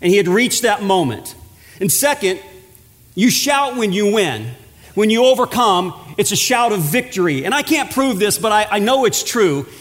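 A man delivers a sermon from the pulpit, his voice pitched high for a man. He stretches key words and pauses for weight, and a long hall reverb trails behind each phrase. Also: expressive, fairly bright tone. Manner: preaching with dramatic pauses and drawn-out words. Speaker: pastor.

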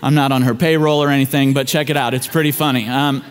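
A man's voice: medium pitch, fairly even intonation, fast, clear, resonant tone. A middle-aged man, a pastor, telling a family story in a conversational, folksy way as part of a sermon.

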